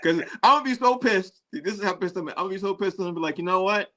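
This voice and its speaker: A man hosts a casual sports chat in a bright, forceful voice. He rambles, repeats his phrases and laughs often. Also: high voice, lively intonation, racing. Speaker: sports show host.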